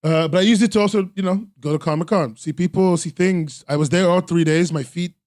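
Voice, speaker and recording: Male podcast host, tired, rambling casual chat with fillers, fairly high voice, dry sound. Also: a little fast, darkish tone, no echo. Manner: rambling, self-deprecating, frequent ums and laughs. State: tired, sore from three days at a convention.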